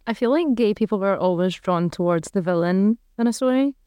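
A podcast co-host tossing in quick, joking remarks during a story reading. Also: mid-range voice, lively intonation, dark tone, clear, resonant tone, no room sound, clean studio sound. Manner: quick quips, laughs often. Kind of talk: casual chat.

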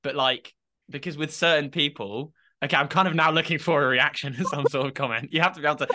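A man co-hosting a podcast in easy, casual chat. His voice is bright and forward, and he leans on "like" fillers with a self-mocking streak. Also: on the high side, quick pace. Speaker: podcast co-host.

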